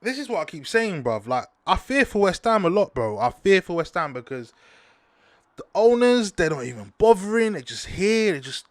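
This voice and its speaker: A young man, hosting a casual football talk show, slangy and animated, breaking into outraged high-pitched rants. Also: moderate pace, no room sound, clean studio sound. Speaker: football podcast host. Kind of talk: casual sports talk monologue.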